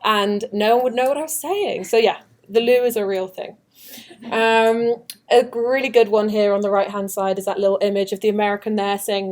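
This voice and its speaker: A young British woman from the United Kingdom, with a fairly high, slightly mellow voice, presents a study abroad orientation. Her talk is chatty and upbeat, and she jokes with her audience.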